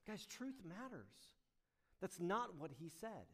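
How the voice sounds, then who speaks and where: A male pastor with a high, sing-song voice preaches slowly and emphatically, swinging between loud, stressed lines and hushed asides.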